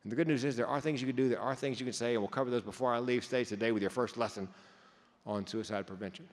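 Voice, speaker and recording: A man's voice: mid-range voice, fairly even intonation, fast. A man giving a keynote speech, telling stories with comic timing and sometimes stumbling over repeated words. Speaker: keynote speaker. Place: conference hall. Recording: long hall reverb.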